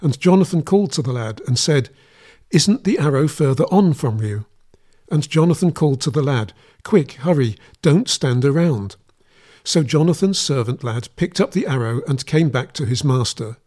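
A man giving a steady, measured scripted reading of a Bible passage. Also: fairly high pitch. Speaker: scripture reader.

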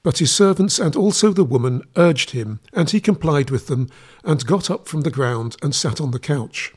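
A man reading scripture aloud in a measured, steady, reverent manner. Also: a little high, breathy edge. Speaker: Bible reader.

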